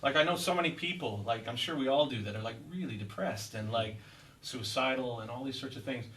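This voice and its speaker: At a guitar clinic in a music store, a man talks casually to a live audience, rambling, animated and laughing with lots of fillers. His voice is medium in pitch and brisk. It is captured from a distance, so the audio is poor, with a little hiss or hum.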